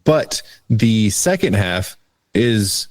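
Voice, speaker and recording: A man in his thirties, co-hosting a movie review podcast in an easygoing, measured casual chat. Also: fairly low pitch, very animated, darkish tone, no room sound. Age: 30s. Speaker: podcast co-host.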